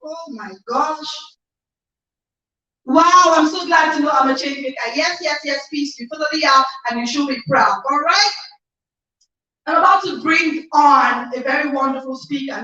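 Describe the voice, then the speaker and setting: High, bright Nigerian woman hosting a livestream. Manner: exuberant, emphatic, repeats phrases, reads out viewer comments. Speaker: host of an online conference livestream. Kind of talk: energetic motivational hosting. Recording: echoey distant lo-fi livestream audio.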